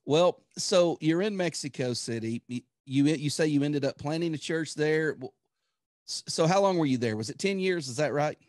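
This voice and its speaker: A man hosting a podcast interview, asking relaxed follow-up questions. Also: fairly high pitch, moderate pace, dry recording, clean studio sound. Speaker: podcast host.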